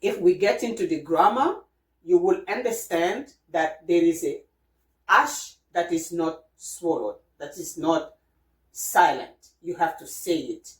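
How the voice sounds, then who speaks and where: A woman's voice: lowish voice, measured pace. A woman teaching sounds, patient and repeating each one, often asking "okay?". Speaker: French teacher. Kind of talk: casual spoken lesson. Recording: roomy, voice from a distance.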